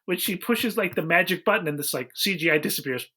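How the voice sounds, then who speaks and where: A man co-hosting a casual podcast, recapping a movie's plot with wry, deadpan jokes. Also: sits high, quick pace, husky. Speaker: podcast co-host. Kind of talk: casual movie-roasting chat.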